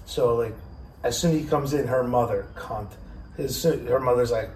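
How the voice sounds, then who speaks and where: A podcast host with a mid-range voice and moderate pace tells a casual story, profane and animated, acting out the quotes. The mic sounds distant and roomy, with faint noise.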